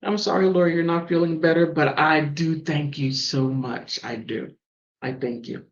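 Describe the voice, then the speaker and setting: A woman from the mountains hosting a call-in show and telling stories in a casual, animated way. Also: normal speed, dull audio. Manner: animated storytelling with big pitch swings. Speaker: host. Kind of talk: casual chat.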